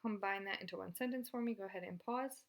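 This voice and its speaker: A woman's voice: medium pitch, fast. A woman teaching a Spanish grammar video lesson in a casual, chatty and encouraging way.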